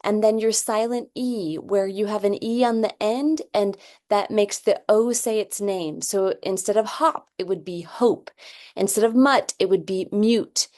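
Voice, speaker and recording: A woman walks parents through a phonics check like a patient reading teacher. She sounds out each example word slowly and carefully, with an ordinary mid-range pitch. She keeps pausing to check in with a quick "okay?". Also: steady tone, dark tone. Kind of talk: explaining a phonics assessment.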